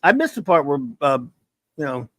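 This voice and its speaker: Man, stream host, casual joking chat, slightly high voice, dry sound. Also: sing-song, normal speed, fairly bright tone, no room sound. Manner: rambling, joking, stumbles over words. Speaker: show host reading viewer chat.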